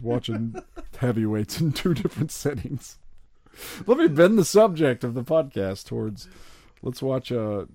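A man's voice: mid-range voice, dark tone, dry recording. A man co-hosting a casual podcast with friends, joking around and laughing often. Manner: playful, laughing, jokey asides. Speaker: podcast co-host. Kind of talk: casual chat. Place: home studio with friends. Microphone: podcast mic on a stand.

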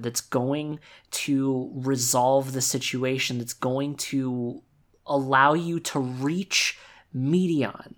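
Gushing, foul-mouthed podcast co-host. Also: medium pitch. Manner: enthusiastic and gushing, swears freely. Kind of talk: casual game discussion.

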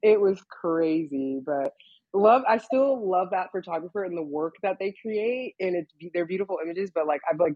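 A woman's voice: fairly low pitch, expressive, normal speed, warm tone, husky, no echo, muffled recording. A young woman telling a story in a casual interview, saying "like" constantly and laughing often. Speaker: guest, nude model.

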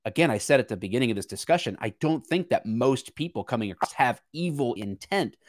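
A man's voice: mid-range voice, lively intonation, fairly quick, no room sound, studio quality. A man co-hosting a podcast, talking through political issues in an earnest, searching way with frequent restarts. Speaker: podcast co-host. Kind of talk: casual political discussion.

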